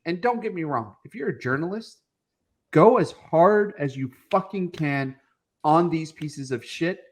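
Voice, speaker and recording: A young man co-hosting a political podcast, ranting in a heated, profane way. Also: high voice. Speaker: podcast co-host.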